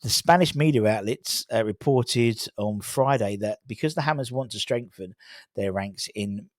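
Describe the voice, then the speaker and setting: A man's voice: on the low side, moderate pace, no room sound, studio quality. A man hosting a football fan channel, chatting casually through transfer news with lots of ums and restarts. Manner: rambling, many fillers and restarts.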